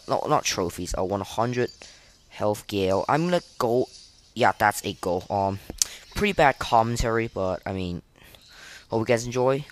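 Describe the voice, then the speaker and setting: A young man giving live gameplay commentary, flustered and self-deprecating, full of fillers and restarts. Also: lowish voice. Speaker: gaming podcaster.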